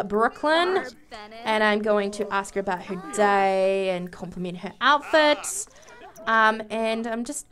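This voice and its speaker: A woman chatting through a life-simulation game, giggling and exclaiming often. Her voice sits a bit high, and she talks at an unhurried, drawn-out pace between her bursts of excitement. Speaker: let's play gamer. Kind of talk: casual gameplay commentary.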